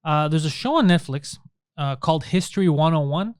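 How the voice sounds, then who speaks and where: A man's voice: fairly high pitch, lively intonation, a little fast, clear, resonant tone, no room sound, clean studio sound. A young man co-hosting a casual comedy podcast, profane and mocking, acting out quotes. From Canada. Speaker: podcast co-host.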